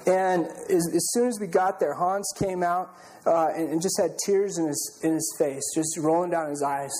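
A man's voice: fairly high pitch, fairly even intonation, moderate pace, darkish tone, poor audio. A middle-aged male pastor preaching a sermon, telling stories in an earnest, conversational way with frequent restarts.

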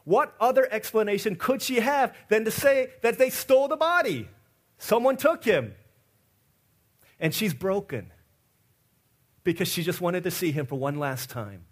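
A man preaching an Easter sermon as pastor, telling stories and acting out the people in them, swinging between loud excited asides and quiet, low passages. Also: measured pace, long pauses. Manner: acts out the people in his stories with lively quoted voices.

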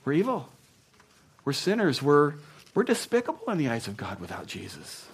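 A man preaching a sermon as pastor, speaking conversationally and punching key words loudly before dropping to a hush. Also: a little high, huge pitch swings, moderate pace, slightly rough. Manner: emphatic, swinging between punchy loud lines and hushed asides; conversational, with frequent "you know".

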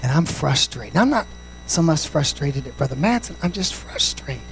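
A male pastor with a gravelly, rough-edged voice preaches a sermon over faint background noise. He rises into shouted, sing-song swells, then drops into quiet, confiding storytelling, scattering "amen" and "praise God" throughout. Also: a little high, expressive, normal speed, poor audio.

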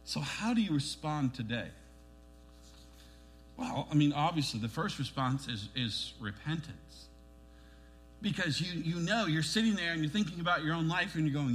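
A middle-aged man serving as pastor preaches a sermon in an animated way, pushing his emphasis upward and acting out the voices of those he quotes. His voice is a little high, and he speaks at a normal speed.

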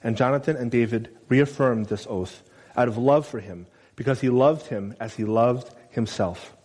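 A man preaching a sermon in a conversational way, asking his listeners questions and loudly acting out the quotes he reads. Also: medium pitch, moderate pace. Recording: long reverb of a large room.

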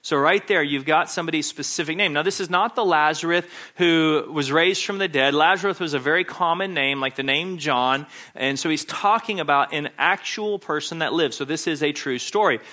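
A man's voice: on the high side, moderate pace, hardly any pauses, bright, forceful tone. A man preaching a sermon, emphatic and insistent, hammering home his points by repeating key phrases.

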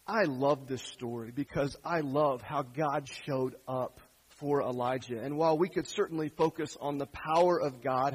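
A male pastor giving a sermon, asking gentle, earnest questions of his congregation. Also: on the high side, husky, poor audio.

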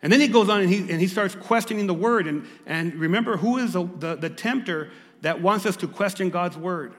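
A man preaching a sermon to a church congregation. He stumbles over repeated words and rises to loud, emphatic reading. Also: high voice, fairly quick, in a large hall. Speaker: pastor. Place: church service.

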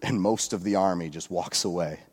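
A male pastor preaching a sermon at a church service, retelling a scripture story in a relaxed, joking way with lots of asides. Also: deep voice, normal speed. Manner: casual storytelling with jokes and asides.

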